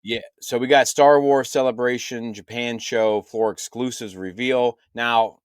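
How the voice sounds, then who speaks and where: A man's voice: medium pitch, steady tone, a little slow, smooth, dry recording, clean studio sound. A man in his fifties co-hosting a casual chat podcast, rambling and trailing off with lots of fillers. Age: 50s. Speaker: podcast co-host.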